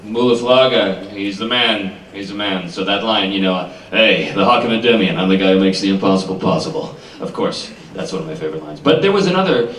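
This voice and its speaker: A male voice actor swapping jokey, self-deprecating stories on a convention panel. His voice sits on the low side. It is heard from a distance with plenty of room echo. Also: fairly bright tone. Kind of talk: anecdotal panel chat. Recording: roomy convention hall, mic at a distance.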